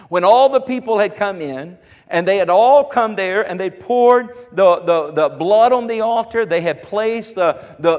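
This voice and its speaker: High voiced guy preaching, repeats stuff, gets shouty, long hall echo. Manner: builds to fervent shouting, repeats phrases. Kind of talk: sermon.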